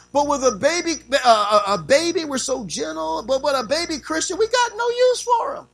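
A preacher, a man with a notably high-pitched voice, delivers a sermon. He is animated and theatrical, firing rhetorical questions at the congregation and slipping into little acted-out scenes. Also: brisk, gravelly, few pauses, rough recording. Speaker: pastor.

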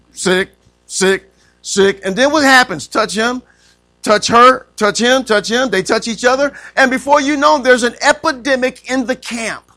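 Gravelly, bright-voiced preaching man. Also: very high voice. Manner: call-and-response preaching, asking the congregation to fill in words; emphatic, drawn-out key phrases. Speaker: pastor. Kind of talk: sermon.

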